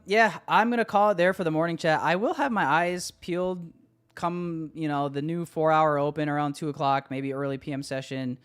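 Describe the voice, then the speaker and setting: Hyped, smooth-voiced male streamer. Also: mid-range voice. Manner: loose, hyped, swears casually, addresses chat directly. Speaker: live-stream trading host. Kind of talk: casual live-stream chat.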